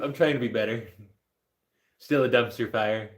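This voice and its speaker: A man talking casually and jokily to the camera, rambling from one thought to the next. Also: moderate pace. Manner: rambling, jokey, jumps into a high baby-talk voice for his dog. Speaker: vlogger. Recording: picked up through a building announcement speaker.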